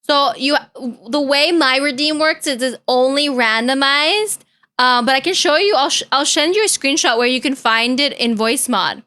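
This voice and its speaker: A woman's voice: high-pitched, moderate pace, sharp tone. A young woman streamer chatting casually and playfully with her viewers, caring and chatty. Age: young adult. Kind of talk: casual reaction-stream chat.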